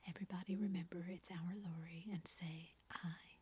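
A woman whispering an eager girl who plays a gentleman at a club meeting, as whispered role-play. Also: lowish voice, steady tone, moderate pace. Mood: earnest. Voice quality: breathy whisper.

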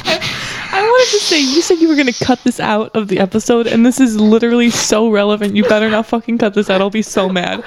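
A woman in casual chat, teasing and quick to react. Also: on the high side, animated, a crowd in the background.

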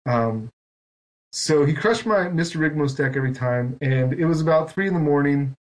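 Man, podcast host, casual chat, rambling self-mocking storytelling, slightly high pitch. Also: moderate pace. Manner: rambling, self-mocking storytelling with lots of quoted back-and-forth.

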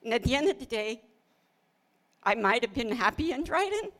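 A woman's voice: fairly high pitch, big pitch swings, moderate pace, a bit bright. A middle-aged woman co-hosting a casual ministry talk, telling her story with earnest feeling, often laughing and quoting her own prayers. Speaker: pastor's wife, co-host.

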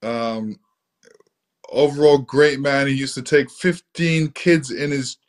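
A man from England sits as the guest in an interview. His voice sits at an ordinary middle pitch. He tells stories from his past in a relaxed, rambling way, full of fillers. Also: slow. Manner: easygoing, many fillers like "you know". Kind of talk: relaxed storytelling.

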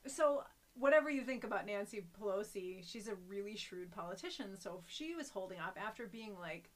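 A woman's voice: mid-range voice, lively intonation, fairly quick. A woman co-hosting a podcast, chatting casually and laying out an argument articulately. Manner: articulate, argues a point at length. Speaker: podcast co-host. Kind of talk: casual chat.

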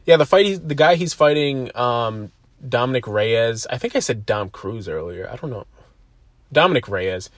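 A man's voice: mid-range voice, lively intonation, moderate pace, no echo. A man hosting a casual solo podcast, rambling off on tangents, swearing freely and poking fun at himself. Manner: rambling, profane and self-deprecating. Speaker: podcast host.

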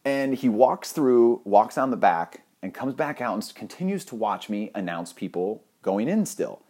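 A young man telling a funny personal anecdote in an animated, profane, self-mocking way. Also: on the low side, moderate pace. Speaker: storyteller.

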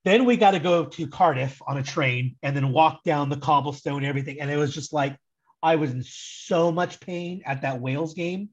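A man's voice: fairly high pitch, moderate pace, slightly rough, lo-fi sound. A young American man telling a long story in a casual, rambling way, full of "like" and restarts, as a guest on a soccer fan podcast. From United States. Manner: rambling, animated, heavy use of "like".

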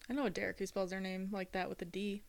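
A woman's voice: medium pitch, flat delivery, fast, gravelly, no echo. A woman co-hosting a casual podcast, giving dry, understated short replies. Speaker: podcast co-host. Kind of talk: casual chat.

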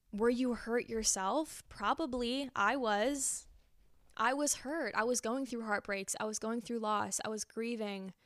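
A woman's voice: fairly high pitch, no echo, clean studio sound. A young woman hosting a podcast, talking earnestly through a reflective self-help monologue and repeating phrases for emphasis. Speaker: podcast host.

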